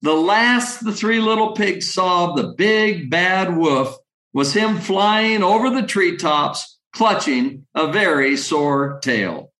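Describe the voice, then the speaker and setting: A man reading a children's story slowly and deliberately, then giving a motivational leadership talk. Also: high voice, pushed and bright, echoey room, poor audio. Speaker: leadership speaker.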